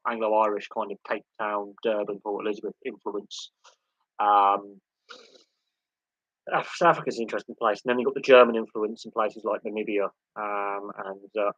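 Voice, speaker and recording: A man's voice: on the low side, a bit bright, dry recording, poor audio. A man hosting a casual live sports hangout, rambling with many fillers and restarts. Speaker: livestream host.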